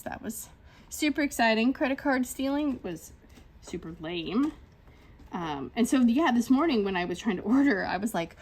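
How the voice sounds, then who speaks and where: A woman in her thirties chatting casually in a rambling, animated way while she crafts, with lots of fillers. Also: medium pitch. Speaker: crafting channel host.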